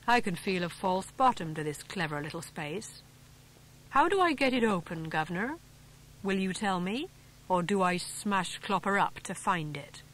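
A woman's voice: lowish voice, expressive, fairly bright tone, poor audio. Woman reading a stern, grim farmer. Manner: stern and deliberate. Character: grim, big bearded farmer.

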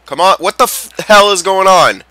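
A young man giving excitable, swearing live commentary while playing a video game. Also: high voice, moderate pace. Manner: excitable, swears and yells at players. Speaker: gameplay commentator.

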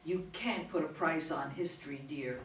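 An actress reading the part of an excitable newlywed bride in a slow, animated manner. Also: female voice, low-pitched, a little hiss or hum. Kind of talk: reader's theater stage reading. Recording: echoey hall from far off.

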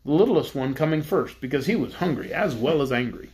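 A man narrating a children's storybook in a steady, measured reading. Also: a little high. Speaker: audiobook narrator.

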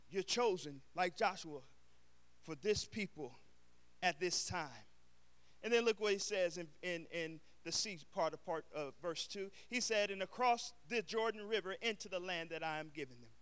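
A middle-aged man preaches a sermon to his congregation in a very high, bright, tense voice that rises to shouted emphasis. His tone is smooth and clear. He slips easily into casual street slang between his calls to the church. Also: lively intonation, moderate pace. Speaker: pastor.

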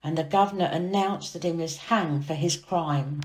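A woman reading a children's storybook aloud as storyteller, expressive and dramatic. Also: deep voice, normal speed. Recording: echoey room.

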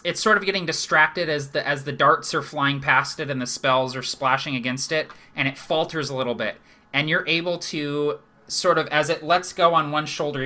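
A man's voice: on the high side, bright, forceful tone. A man narrating a live tabletop game as game master, chatty and laughing often, with lots of fillers.

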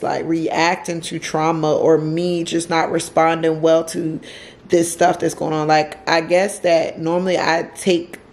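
A woman talks straight to her camera at home, her voice sitting a little low. She tells a personal story in an emotional, loose way. She circles back over the same phrases and drops casual slang as she goes. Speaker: vlogger.

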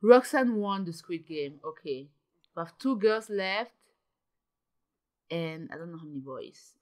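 A young woman giving casual, excitable commentary while playing a video game, gasping and exclaiming often. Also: fairly low pitch, unhurried. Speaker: gaming channel host.

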